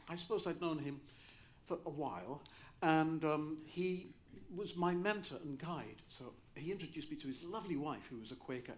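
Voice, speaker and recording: An older Welsh man spins a comic tale with a theatrical flair, his voice pitched a little high for a man. His pitch leaps and swoops all over, and there is a faint hiss behind him. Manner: animated, theatrical, lively delivery. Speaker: cabaret raconteur. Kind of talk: comic storytelling on stage.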